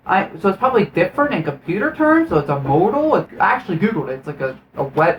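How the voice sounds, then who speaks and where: A man's voice: high voice, expressive, a little fast, hardly any pauses, echoey room, dull audio, slight background noise. A man giving a casual film review in a profane, sarcastic, exasperated rant. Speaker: movie reviewer.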